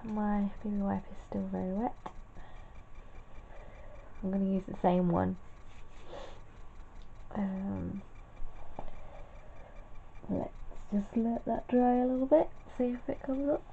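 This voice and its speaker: A woman's voice: medium pitch, fairly even intonation, slow pace, gravelly, long pauses. A tired woman chatting and mumbling as she paints in a casual crafting tutorial. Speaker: craft vlogger. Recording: tinny phone-like sound, faint noise.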